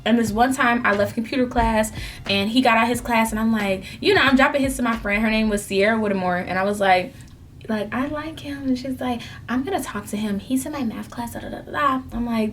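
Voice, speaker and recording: Animated young woman vlogger telling a story. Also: on the high side, a little fast, slight background noise. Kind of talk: casual storytime while eating.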